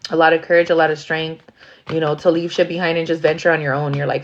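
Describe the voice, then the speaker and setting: A woman's voice: low-pitched, little pitch movement, fast, highs cut off, a little hiss or hum. A woman giving a casual tarot reading, blunt and profane, acting out rowdy asides. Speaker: tarot reader.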